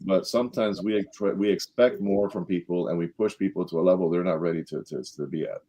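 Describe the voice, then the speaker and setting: A middle-aged man on a leadership panel, telling an anecdote and acting out the quotes with a lifted voice. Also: a little fast. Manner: animated storyteller, acts out quotes with rising pitch. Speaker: panel guest, former sales director. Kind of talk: storytelling in a leadership panel talk.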